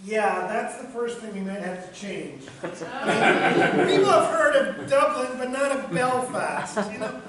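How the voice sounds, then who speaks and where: An actor playing a pushy, clueless New York theater director who talks over others breezily. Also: male voice, very high voice, animated, unhurried, a loud crowd. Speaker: actor in a stage comedy. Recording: echoey stage from far off with noise.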